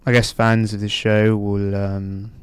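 A low-voiced man hosts a casual show and works through a joke with plenty of ums and pauses. His delivery stays level and even, and his voice is smooth and clean. The sound is dry and close. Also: dry recording. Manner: hesitant, full of ums and uhs. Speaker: radio-style show host.

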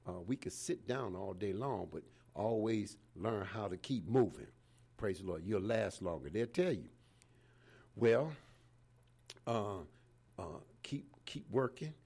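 A man's voice: on the low side, lively intonation, normal speed, creaky, dark tone, husky. A man in his seventies preaching an informal sermon in a folksy way, dropping in "praise the Lord" again and again. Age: 70s.

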